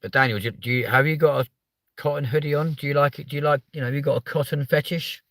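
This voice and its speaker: A young man hosting a livestream, chatting in a rambling, sweary way that jumps up in pitch when he gets riled. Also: steady tone, fast talker, a bit bright, dry recording. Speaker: livestream host. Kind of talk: casual livestream chat.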